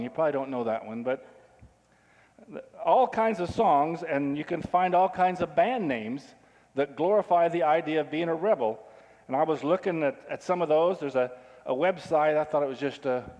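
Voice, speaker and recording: A man gives a sermon in an easy, conversational manner and keeps asking his listeners questions. His voice sits a little high for a man. A long reverb from the hall trails after his words. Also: darkish tone, muffled recording. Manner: conversational, asks the audience questions. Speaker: pastor.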